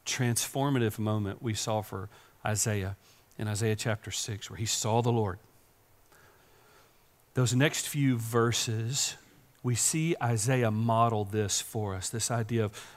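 A man preaching a sermon, swinging from hushed whispers to loud, impassioned preaching. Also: mid-range voice, fairly even intonation, measured pace. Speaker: pastor.

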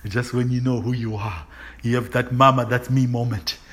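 A man preaching a sermon, peppering it with call-and-response questions, laughter and exuberant shouts. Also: mid-range voice, steady tone, moderate pace.

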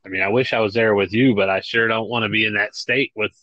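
A man's voice: fairly low pitch, steady tone, fast, no echo, muffled recording. A man co-hosting remotely in a casual chat, giving short laid-back replies. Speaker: podcast co-host on a call.

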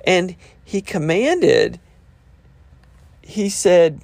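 A man's voice: high voice, big pitch swings, very slow, gravelly, a little mellow, no echo. A man preaching a sermon, reading scripture verses aloud and breaking off to explain them in plain, conversational words.

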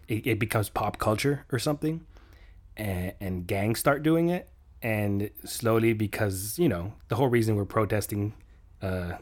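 A man with a fairly low voice talks in a loose, rambling way. He jokes often and laughs at his own lines in an easygoing podcast chat. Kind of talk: casual chat.

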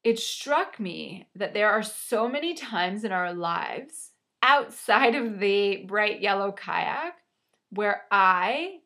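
A woman's voice: medium pitch, animated, slow pace, sharp tone. A woman telling a personal story with dramatic, self-mocking exaggeration and some mild swearing. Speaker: storyteller sharing a personal anecdote.

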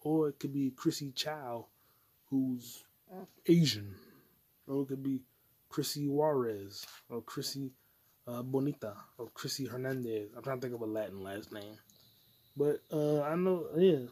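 A man's voice: mid-range voice, a little slow, a little mellow, breathy edge. A man hosting a solo podcast, rambling crudely and profanely from topic to topic. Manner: crude, profane, jumps between topics, puts on mock voices. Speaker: podcast host.

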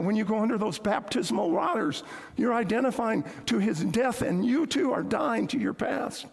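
A male pastor delivers a sermon in a high, husky voice. He tells stories and acts out the lines he quotes, sometimes dropping to a hushed tone. The sound carries the long reverb of a large church hall. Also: lively intonation, normal speed. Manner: storytelling, acts out quotes, drops to hushed tones.

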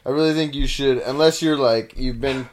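A man hosting a casual podcast, reacting with quick slangy interjections and jokes. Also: medium pitch.

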